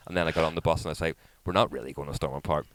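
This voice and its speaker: A man in his thirties co-hosts a podcast, telling a story in casual chat at a very fast clip. He's an animated storyteller who swears a lot and acts out other people's quotes in high voices. The audio is poor, with no room sound.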